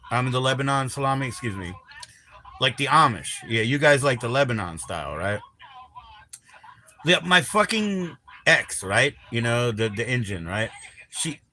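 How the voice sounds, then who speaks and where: Male streamer, bright edgy voice, rambling and foul-mouthed, teases his viewers off the cuff. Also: mid-range voice, a little hiss or hum. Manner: crude, rambling, teasing, swears constantly. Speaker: livestream host. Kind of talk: rambling live-stream chat.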